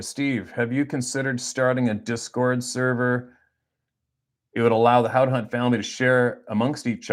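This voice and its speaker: A middle-aged man, talking off the cuff on a livestream, rambling and blunt and swearing freely. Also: medium pitch. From Canada. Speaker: hunting guide and livestream host. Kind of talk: casual livestream chat.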